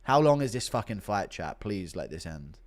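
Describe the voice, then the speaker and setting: A male streamer giving loud, profane play-by-play while he reacts to a fight and reads chat. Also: lowish voice, moderate pace. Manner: excitable, profane, loud bursts. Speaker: streamer host.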